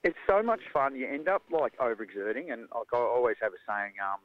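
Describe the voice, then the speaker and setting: An Australian man who coaches jiu-jitsu, talking in a lively, casual way and acting out the voices of people in his stories. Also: mid-range voice, a little fast, no room sound, narrow, tinny audio. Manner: animated storyteller, acts out quoted voices. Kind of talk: casual conversation.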